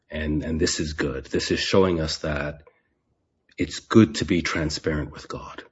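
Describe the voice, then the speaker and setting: A man giving an unhurried Bible teaching, often repeating and restarting his phrases. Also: a bass voice, husky, lo-fi sound.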